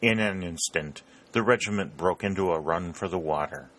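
Male audiobook narrator, low and bright-toned, steady delivery. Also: normal speed. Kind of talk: scripted narration.

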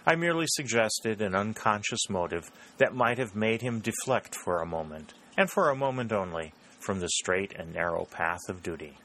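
A man voicing a placid, cruel government secretary who speaks smoothly and precisely. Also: lowish voice, animated, normal speed, few pauses, fairly bright tone, slight background noise.

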